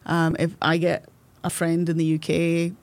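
Scottish woman, forties, slightly low voice, fast sarcastic chatter, interview guest. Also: monotone, darkish tone. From west coast of Scotland. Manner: quick, sarcastic, laughing. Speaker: physiotherapist guest. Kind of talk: casual interview chat.

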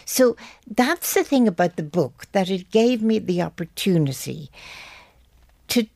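An older Irish woman, an author being interviewed on radio, telling anecdotes in a brisk, wry way. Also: medium pitch, expressive, gravelly, darkish tone, dry recording, studio quality. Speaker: author guest.

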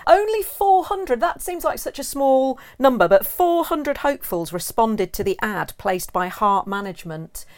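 A woman's voice: medium pitch, moderate pace, few pauses. Woman co-hosting a trivia podcast, chatty and amused, bit of umming. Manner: chatty and amused, with filler hesitations. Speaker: podcast co-host. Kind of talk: casual trivia chat.

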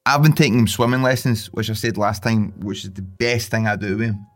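스코틀랜드 억양의 남자, 욕설 섞인 수다. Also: male voice, fairly low pitch, brisk. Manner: sweary, laughing, animated storytelling. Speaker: podcast co-host. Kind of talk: casual chat.

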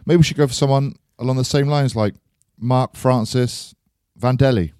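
A man's voice: medium pitch, normal speed, a little mellow, smooth, no echo, clean studio sound. A man co-hosting a podcast, bantering and teasing his co-host. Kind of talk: casual chat.

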